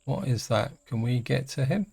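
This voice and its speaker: A middle-aged man giving casual let's-play commentary, chatty and hesitant, thinking aloud with many pauses. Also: mid-range voice, gravelly, darkish tone, breathy edge. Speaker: gaming channel host.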